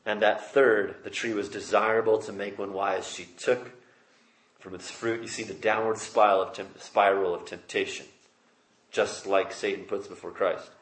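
A man's voice: fairly low pitch, a bit bright, echoey room. A man preaching a sermon, reading scripture aloud and explaining it with emphatic rises. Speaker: pastor. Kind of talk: expository sermon.

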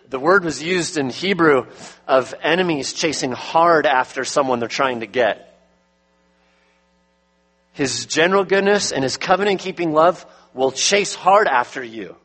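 A man's voice: on the high side, a bit bright. A man preaching a sermon as pastor, emphatic, his voice rising when he presses a point home.

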